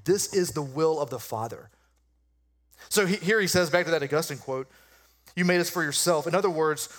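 A middle-aged man preaching a sermon in a conversational, humorous way, slowing down to stress key lines. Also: on the high side, fairly bright tone. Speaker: pastor.

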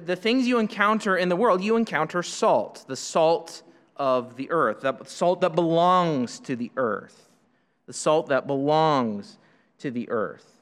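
A man's voice: high-pitched, fairly bright tone, in a large hall. A man preaching a sermon in a conversational teaching style, asking rhetorical questions and often restarting his sentences.

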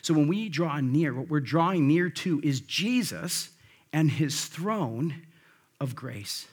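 Husky-voiced man preaching a sermon. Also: fairly high pitch. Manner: conversational, emphatic preaching with rhetorical questions. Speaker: pastor.

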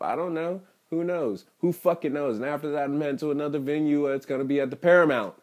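Young man, solo podcast host, crude jokes, rambling, swears a lot, sudden loud bursts. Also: a little high, quick pace. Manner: profane, rambling, jokey, with sudden loud outbursts. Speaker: podcast host and stand-up comedian. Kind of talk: casual rambling monologue.

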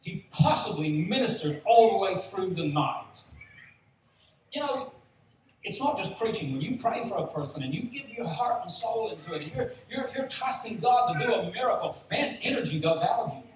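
A man preaches to a congregation in a lively, storytelling way, acting out the people in his stories. His voice sits a little high for a man. The sound comes from a distant mic in a very echoey hall, with faint noise underneath. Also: moderate pace. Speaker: pastor. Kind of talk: sermon. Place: church hall.

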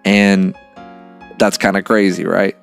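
A man with a low, gravelly voice hosts a podcast in a loose, earnest monologue. He muses aloud, swears casually and keeps calling the listener "man". Faint music plays underneath. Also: flat delivery, slow pace. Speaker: podcast host.

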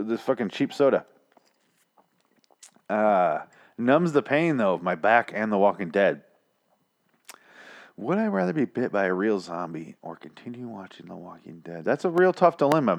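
A man giving a rambling, sarcastic, profanity-filled recap of a TV episode, mocking the characters in silly voices. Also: lowish voice. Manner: sarcastic, rambling, swears a lot. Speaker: show recapper.

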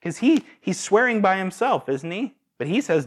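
A man's voice: high-pitched, moderate pace. A man preaching a sermon, asking his listeners rhetorical questions. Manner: animated, asks the audience rhetorical questions.

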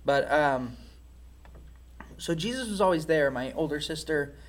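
A man's voice: fairly high pitch, expressive, measured pace. A man speaking as an interview guest, giving a candid personal testimony in a reflective, frank way.

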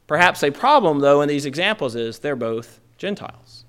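A man's voice: fairly high pitch, normal speed, smooth. A man preaching a conversational sermon, often asking "right?" and acting out the crowd's lines. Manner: acts out the crowd's lines in a lively put-on voice.

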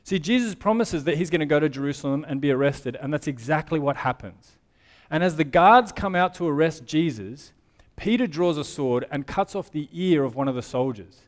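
A man's voice: on the high side, expressive, normal speed. A man preaching a sermon, who explains scripture in a conversational way and reads passages aloud. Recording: long hall reverb.

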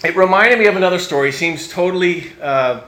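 A male pastor gives a sermon in a church, his voice slightly high for a man and bright, with a forceful edge. He speaks conversationally, reflecting aloud and working through his thoughts with fillers and restarts. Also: a little fast, a little hiss or hum.

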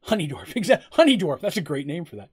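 A man's voice: fairly high pitch, sing-song, quick pace, slightly rough. A man running a tabletop game, rambling casually with lots of fillers and frequent laughs as he narrates and answers questions. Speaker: game master.

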